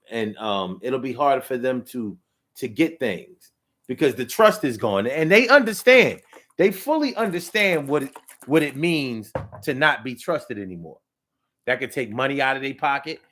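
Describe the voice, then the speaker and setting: A man's voice: mid-range voice, fairly bright tone. A man giving a casual spoken monologue to his viewers, emphatic and repeating phrases for effect. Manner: talks straight to the audience. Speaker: vlogger.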